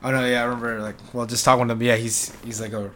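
A man's voice: mid-range voice, level tone, racing, sharp tone, slight background noise. A man hosting a casual podcast interview, easygoing and agreeable, often answering with a short "yeah" and musing aloud in loose sentences. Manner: easygoing, agreeable, frequent backchannel yeahs. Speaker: podcast host.

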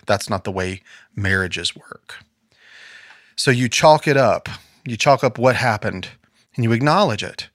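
A man's voice: on the low side, a bit bright, no room sound, clean studio sound. A man co-hosting a casual faith podcast, talking earnestly and quoting scripture in a preacherly way. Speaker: podcast co-host. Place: podcast studio.

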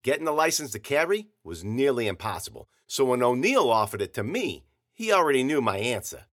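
A man's voice: mid-range voice, big pitch swings, brisk, a bit bright. Wry hard-boiled male narrator. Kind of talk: first-person story narration.

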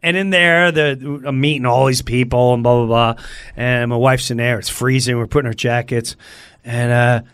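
A middle-aged man telling a story in a casual chat, animated and acting out every voice. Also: medium pitch, moderate pace, clear, resonant tone, dry recording.

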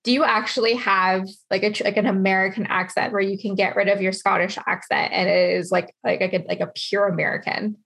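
A woman's voice: mid-range voice, little pitch movement, brisk, creaky, few pauses, fairly bright tone. A woman hosting a casual interview, talking in a bubbly, rambling way. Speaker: interviewer, podcast host.

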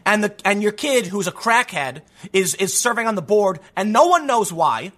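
Heated high-voiced male political commentator. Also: very animated, normal speed, fairly bright tone. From Chicago, US. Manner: heated, sarcastic, repeats words and restarts. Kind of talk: opinion monologue reading news excerpts.

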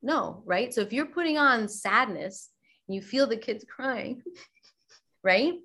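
Animated woman yoga teacher, casual chat. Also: a little high, slow, husky. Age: middle-aged. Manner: animated, acts out quoted voices.

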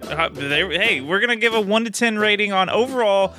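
A man's voice: high-pitched, animated, a little fast, bright, forceful tone, soft background music. A man co-hosting a game review show, easygoing and laughing along with his partner.

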